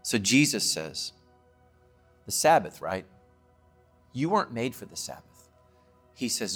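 Male pastor, lowish voice, emphatic preaching, faint music underneath. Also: big pitch swings, unhurried, pauses often, husky. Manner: emphatic preaching, dropping to a hushed voice in prayer. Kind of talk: sermon.

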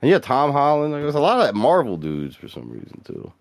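A man's voice: medium pitch, wildly swooping pitch, brisk, vocal fry, no echo, clean studio sound. A man co-hosting a podcast in casual chat, laid-back and joking, swearing freely. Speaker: podcast co-host.

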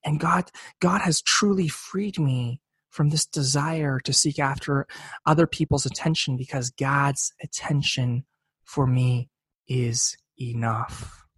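A man's voice: medium pitch, slow, a bit bright, slightly rough, dry recording. A young man giving an earnest, reflective personal faith testimony, often repeating words as he searches for them. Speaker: speaker sharing a faith testimony.

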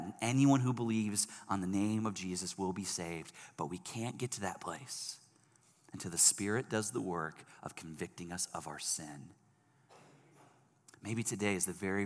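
A male pastor preaching a sermon in a church, animated and emphatic, swinging from loud emphasis to soft, earnest passages. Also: low voice. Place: church service hall. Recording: long reverb of a large hall.

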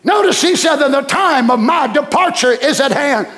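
A man preaching a sermon, passionate, swinging from shouts down to whispers. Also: extremely high pitch, lively intonation, normal speed.

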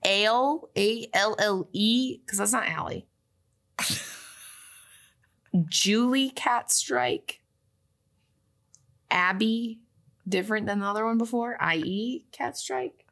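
A young woman co-hosting a casual chat show, reading out a list slowly and laughing often. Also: on the high side, a bit bright. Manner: giggly, reads a list slowly with frequent laughs. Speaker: podcast co-host. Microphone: webcam with whiteboard behind.

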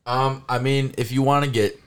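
A man co-hosting a casual podcast, talking quickly and excitedly with lots of "like". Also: medium pitch, clear, resonant tone. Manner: rapid, filler-heavy, excitable. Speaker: podcast co-host.

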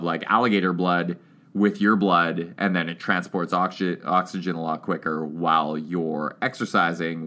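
A man co-hosting a podcast in casual chat, sarcastic and quick to laugh, with plenty of swearing. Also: deep voice, pushed and bright. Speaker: podcast co-host.

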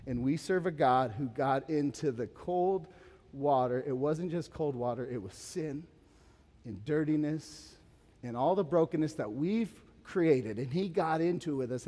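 Pastor, man, 30s, slightly high voice, animated sermon with casual asides, long hall reverb. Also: normal speed. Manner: animated, rising to urgent emphasis and dropping to quiet; conversational asides with casual fillers.

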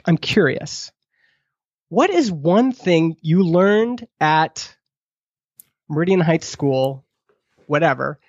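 A man's voice: breathy edge, dry recording. A man speaking as a podcast guest in a product marketing role, giving advice and acting out the questions he wants people to ask. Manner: acts out quoted questions, pitch jumping up. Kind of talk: animated advice-giving in conversation. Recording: dull lo-fi dry sound.

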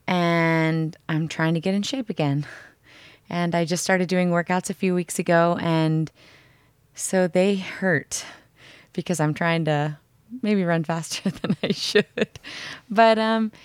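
A woman with a low, grounded voice talks frankly in a casual coaching conversation, swearing now and then and acting out the doubting voices of a hard workout. The sound is close and dry, with no room around it. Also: clean tone, no room sound. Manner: frank and profane, acts out inner voices. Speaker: podcast co-host.

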